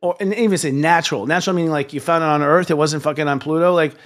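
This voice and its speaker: A man hosting a live talk show, ranting in an animated, profane way. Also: a little high, racing. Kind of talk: casual chat.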